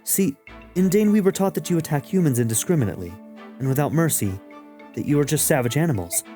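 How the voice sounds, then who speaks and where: A man's voice: a little high, expressive, quick pace, mellow, soft background music, lightly acted. A man voicing an earnest young female soldier in a video game let's play, asking searching questions.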